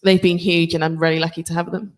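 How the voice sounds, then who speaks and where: A woman's voice: lowish voice, level tone, fast. A woman rugby player and coach answering panel questions in a chatty way, with many fillers and restarts.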